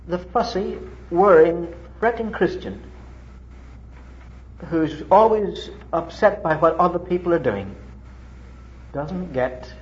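A middle-aged man from Ireland preaching a sermon, telling stories with sudden leaps in pitch and emphasis. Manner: animated storytelling with dramatic pitch leaps. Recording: muffled old lo-fi recording.

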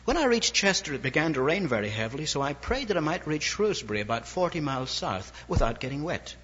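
An older Irish evangelist tells a wry, anecdotal story during a sermon, his inflection lively. He talks fast in a fairly high, slightly rough male voice, and the dull lo-fi recording carries a long hall reverb.

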